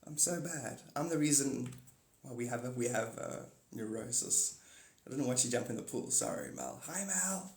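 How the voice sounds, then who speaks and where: A man hosting a live stream in casual chat, excitable, swearing often and laughing a lot. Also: medium pitch, normal speed, creaky. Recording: echoey room.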